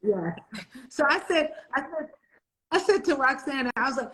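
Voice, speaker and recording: A woman's voice: high voice, expressive, measured pace, pauses often, fairly bright tone, low-quality recording. A middle-aged woman co-hosting a live stream in casual chat, laughing often and talking with many fillers and restarts. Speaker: executive director and co-host. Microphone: video call.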